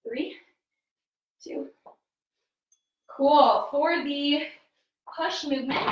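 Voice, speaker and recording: A woman's voice: high voice, distant mic. A woman fitness coach, a bit winded, giving upbeat form cues while exercising at home. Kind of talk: live workout instruction. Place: home room. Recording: echoey room, voice from off-mic.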